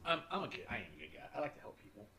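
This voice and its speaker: A man's voice: a little high, big pitch swings, rapid-fire, sharp tone, slight background noise. A young man co-hosting a casual podcast, telling a long story with many restarts and frequent laughter. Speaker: podcast co-host. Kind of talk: casual chat.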